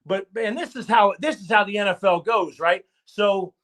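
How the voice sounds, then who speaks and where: A man with a high-pitched, fairly bright voice tells stories at a moderate pace in a live stream interview; he is a football coach. Emphatic and repetitive, he keeps punctuating with "okay?" and "I'm gonna tell you what."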